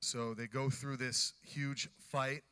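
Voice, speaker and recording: A man preaching a sermon, animated, acting out the scripture characters as he teaches. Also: mid-range voice, takes it slowly, clean tone. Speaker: pastor.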